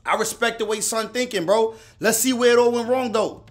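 A man hosting a reaction video, talking in casual slang and getting loud and excited as he comments. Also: fairly quick. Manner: animated, slangy, pitch jumps and near-shouts when worked up. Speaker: reaction channel host.

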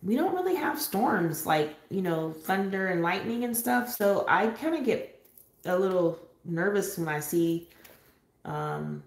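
A woman from San Diego hosting a casual live-stream chat for her coloring channel, talking freely with frequent little laughs and filler pauses. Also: medium pitch, very animated, roomy sound. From San Diego, California. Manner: chatty, laughs often, pauses with um. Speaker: adult coloring channel host. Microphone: home live-stream setup.

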